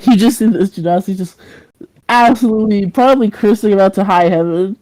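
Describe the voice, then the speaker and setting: A woman's voice: medium pitch, brisk, warm tone, no echo, poor audio. A woman narrating a tabletop game as game master, casual and rambling. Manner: casual, rambling, with fillers and laughs.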